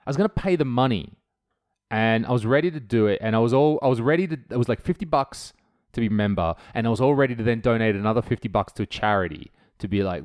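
Animated Australian man telling a story. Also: mid-range voice, fast talker. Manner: animated, swearing, acts out voices in anecdotes. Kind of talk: casual storytelling chat.

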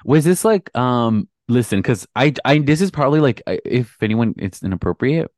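A man's voice: mid-range voice, lively intonation, normal speed, a little mellow, no echo, clean studio sound. A man co-hosting a casual podcast, gossiping and swearing with lots of "like". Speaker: podcast co-host. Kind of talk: casual chat.

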